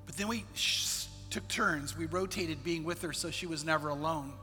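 A man, a pastor, telling a personal story in a sermon, earnest and dropping quiet in the sad parts. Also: on the high side, moderate pace, long reverb tail, faint music behind. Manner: earnest storyteller, quotes others in his own voice, drops quiet in sad parts.

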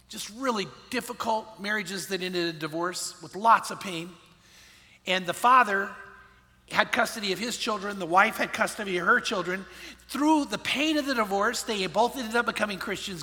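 Male pastor, high and bright, sermon storyteller, long hall reverb. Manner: swings from hushed storytelling to loud emphatic preaching.

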